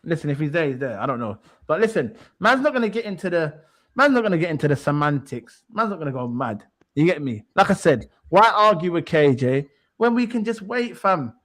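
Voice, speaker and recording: A man's voice: on the high side, very animated, a little fast, fairly bright tone. A man, a podcast co-host taunting a rival fan in heated football banter, repeating his points.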